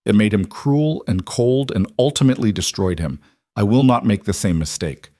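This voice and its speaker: A man voicing a brooding young duke who speaks quietly and earnestly, in an audiobook romance. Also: lowish voice, animated, normal speed, no room sound, lightly acted.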